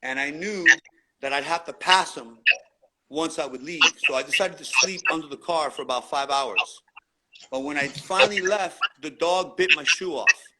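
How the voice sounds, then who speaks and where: A graffiti writer from New York talks through his stories at a normal speed in a fairly high voice. The interview is casual and relaxed, full of street slang and free cursing, with heavy noise in the background.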